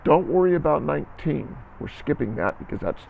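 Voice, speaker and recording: Male band teacher, encouraging, counts beats, gravelly and a bit high. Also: big pitch swings, brisk, a little mellow, highs cut off, slight background noise. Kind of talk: recorded music lesson for students.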